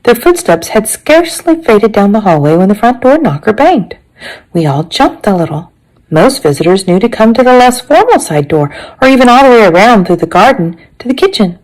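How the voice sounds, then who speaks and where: A woman teacher reading a chapter book aloud to her class, expressive and chatty, with asides to her listeners. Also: mid-range voice, brisk, low-quality recording.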